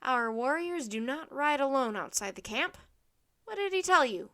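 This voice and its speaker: Brief: stern centurion, barking loud questions, read by a woman, bright and high. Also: lively intonation, normal speed. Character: stern male Roman centurion officer, barking.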